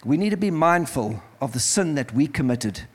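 A man's voice: on the high side, big pitch swings, moderate pace. A man preaching as pastor in a church service, earnest and pleading, repeating phrases as he leads an altar call. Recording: music playing behind.

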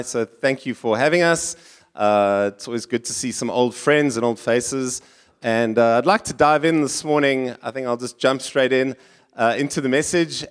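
A man's voice: medium pitch, clean tone. A middle-aged man, preaching a sermon in church in a conversational style, often restarting and going off on asides. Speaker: pastor.

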